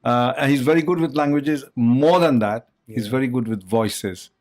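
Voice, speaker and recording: A man's voice: mid-range voice, normal speed, a little mellow. Chatty man hosting a talk show. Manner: chatty, rambling, frequent uh fillers. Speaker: host. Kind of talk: casual chat.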